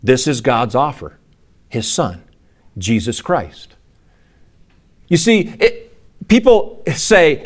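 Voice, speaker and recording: Man preaching a sermon with animated quotes. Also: medium pitch, slow, long pauses. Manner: animated, acts out quotes in a raised voice. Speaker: pastor.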